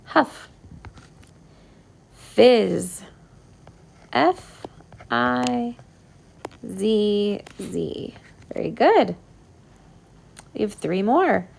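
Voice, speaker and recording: A woman's voice: medium pitch, big pitch swings, vocal fry, darkish tone. A woman teacher giving a recorded phonics lesson to young pupils, patient and sounding out each word. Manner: slow, patient, sounding out words. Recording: iPad whiteboard voice recording.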